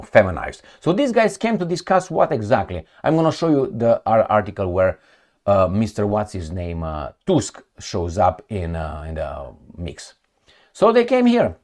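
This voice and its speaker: A man's voice: mid-range voice, a little mellow. A man giving casual political commentary, mocking and chatty, talking to his viewers like friends. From Romania.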